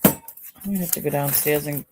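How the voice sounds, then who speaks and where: A woman's voice: low voice, brisk, background noise. A woman with a Boston accent chatting casually on a live stream, musing aloud as she examines jewelry for sale. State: sore neck.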